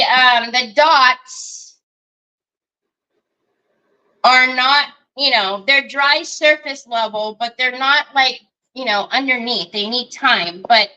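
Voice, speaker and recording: Lady doing a live craft stream, talks slow, bright higher voice, bit muffled lo-fi sound. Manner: chatty, thinks aloud, greets viewers by name. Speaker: craft livestream host.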